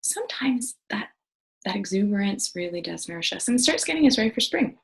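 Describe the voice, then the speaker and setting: Enthusiastic woman with a gravelly voice. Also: medium pitch, big pitch swings, brisk, rough recording. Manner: earnest, enthusiastic, with many fillers and restarts. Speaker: wellness video host. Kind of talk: casual talk to camera.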